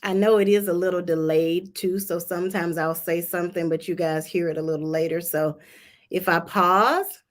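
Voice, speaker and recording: Casting note: woman in her thirties with a Georgia drawl, unhurried, chatty tax teacher speaking to a live audience. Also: on the low side, steady tone. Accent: Southern US (Georgia). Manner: slow, deliberate, chatty and direct. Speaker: tax specialist. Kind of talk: live-streamed tutorial.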